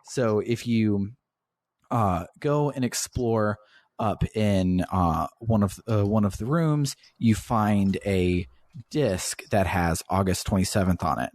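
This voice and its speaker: A man's voice: lowish voice, slow, a little mellow, no echo. A man hosting a podcast, casually retelling a video game's story and swearing freely as he goes. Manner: swears casually while recounting the plot. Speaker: podcast host.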